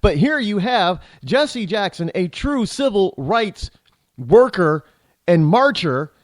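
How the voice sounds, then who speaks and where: A man's voice: sits high, big pitch swings, takes it slowly, no echo. A man hosting a talk show, delivering a rambling, indignant political commentary monologue full of restarts and repeated words.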